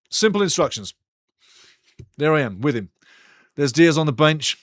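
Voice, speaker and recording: A man's voice: fairly high pitch, big pitch swings, normal speed, no room sound, studio quality. Chatty man hosting a live match stream. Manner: chatty, rambling, banters with chat. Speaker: live watch-along host. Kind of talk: casual live match commentary.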